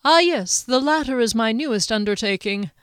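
A woman's voice: on the high side, expressive, moderate pace, smooth, no echo, clean studio sound, pitched above the performer's own voice, natural voice. A woman reading aloud voices an irritable, fussy male mage in a fantasy story. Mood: airy. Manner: snappish, fussy.

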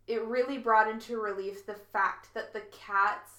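A woman makes wry, dry remarks in a casual podcast chat. Her voice is bright and fairly high, and she laughs often. The room behind her echoes. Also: steady tone, moderate pace. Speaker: podcast co-host.

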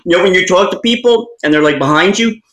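A man chatting casually, joking loudly and crudely, often laughing at his own ideas. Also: high-pitched, expressive, fast, echoey room. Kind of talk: casual chat.

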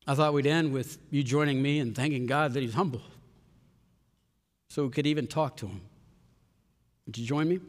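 A man preaching a sermon, telling a story with sudden loud rises and soft, hushed passages. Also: medium pitch, normal speed, long pauses. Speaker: pastor. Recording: long hall reverb.

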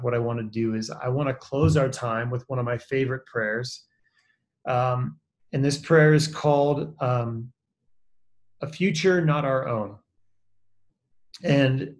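A man leading a reflective closing talk as a pastor on a video call, speaking slowly with hesitant fillers. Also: medium pitch, a little mellow. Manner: slow, measured, with hesitant fillers.

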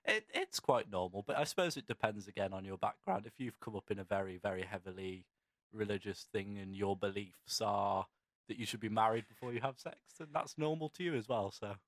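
A man's voice: lowish voice, a little fast, dry recording. A young man co-hosting a comedy podcast, telling rambling stories with many restarts and frequent laughter. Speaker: podcast co-host. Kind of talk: casual comedic chat.

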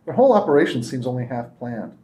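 A woman's voice: rumbling low, very animated, fast talker, mellow. A man reading aloud and voicing a determined woman ship captain who speaks curt and urgent.

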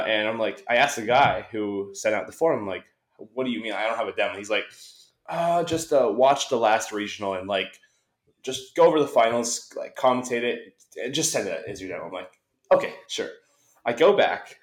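A young man from the United States, a guest on a podcast, telling stories in a casual, animated way and acting out the conversations he quotes. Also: fairly low pitch, a little fast. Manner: animated storyteller, acts out quoted exchanges. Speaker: guest, esports caster. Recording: echoey room sound.

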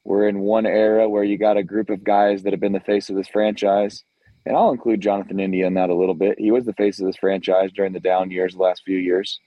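A man's voice: sits low, level tone, fairly quick, dry recording, dull audio. A man co-hosting a sports podcast, delivering a blunt, emphatic, repetitive rant. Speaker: co-host.

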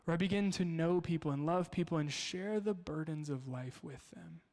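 Storytelling pastor in a reverberant hall. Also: male voice, fairly high pitch, moderate pace. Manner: storytelling, animated. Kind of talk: sermon. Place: church.

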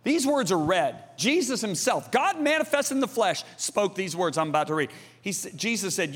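A middle-aged man preaching a sermon, emphatic and theatrical, jumping from shouts to hushed asides. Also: high-pitched, big pitch swings, normal speed, long reverb tail.

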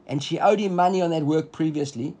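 Talmud teacher, male, high husky voice, brisk explainer who checks in with his class. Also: warm tone. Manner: explains quickly, reads the text aloud and translates it, asks students if they follow.

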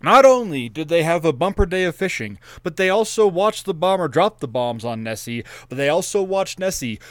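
A man tells rambling, profane stories as a podcast co-host, a couple of drinks in. His voice sits a bit high, and the sound is dry and close with no room echo. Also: very animated, moderate pace, a bit bright. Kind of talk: casual chat.

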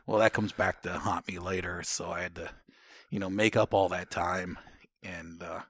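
A middle-aged man telling stories about his Army days in a casual interview, cursing freely and shouting out the drill sergeants' orders. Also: deep voice, normal speed, no room sound, studio quality. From Ohio, United States. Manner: profane, animated storytelling, shouts out drill sergeant lines.

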